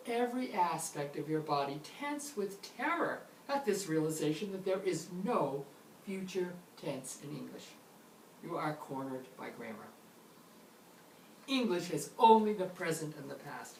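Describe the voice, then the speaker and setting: A woman's voice: sits low, lively intonation, normal speed, vocal fry, a little mellow. A woman teaching an English grammar lesson in a playful manner with theatrical asides. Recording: roomy echo, mic at a distance, faint noise.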